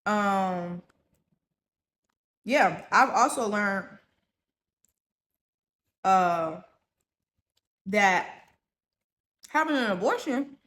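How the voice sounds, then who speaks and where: A woman's voice: medium pitch, expressive, drawn-out words, pauses often, fairly bright tone. Chatty young woman ranting while eating. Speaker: vlogger. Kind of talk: casual rant to camera.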